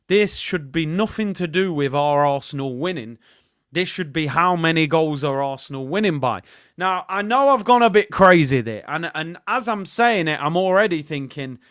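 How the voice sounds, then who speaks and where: A young man chats on a casual fan livestream. His voice sits a little high, and he swings from quiet muttering to loud, animated exclamations. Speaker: football channel host. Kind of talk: casual live-stream fan chat.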